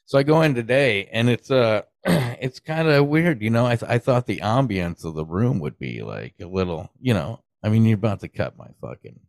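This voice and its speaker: A man with a very low voice tells a story in casual, laid-back podcast chat. He swears freely and laughs at his own tale. The sound is close and dry. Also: animated, moderate pace, gravelly, hardly any pauses, dry recording. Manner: profane, laughing through his own anecdote.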